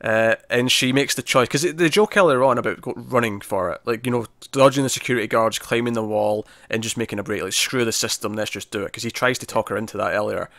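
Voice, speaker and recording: A man's voice: medium pitch, fast, vocal fry, hardly any pauses, dry recording. Chatty male TV reviewer, dry sound. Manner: animated recapping, acts out characters' lines; frequent restarts and repeated words. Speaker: podcast co-host reviewing TV. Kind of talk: casual review discussion.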